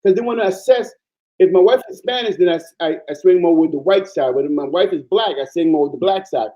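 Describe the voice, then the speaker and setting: A man from Panama talks as a guest, animated and emphatic in a relaxed chat. His voice sits fairly high yet sounds mellow and dark. The recording is dull and lo-fi. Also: quick pace. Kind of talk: casual chat.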